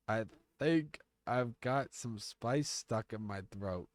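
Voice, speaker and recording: A man's voice: medium pitch, slow, dry recording, studio quality. A man streaming, reading a text game aloud and reacting with jokes and curses. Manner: reads the story aloud and jokes and curses along.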